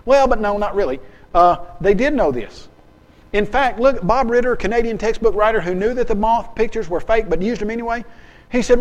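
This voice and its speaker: A high-pitched man speaking at a seminar, with plenty of emphasis. He acts out short exchanges and throws questions at the crowd. His voice carries a long reverb through a large hall. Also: brisk. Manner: lively and emphatic, acts out dialogues and asks the audience questions. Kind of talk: animated seminar lecture.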